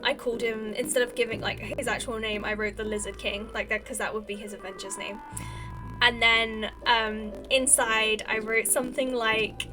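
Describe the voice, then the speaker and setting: A young woman streaming a farming game, rambling casually to her chat with lots of fillers and restarts. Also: a little high. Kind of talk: casual chat while gaming. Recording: game music behind the voice.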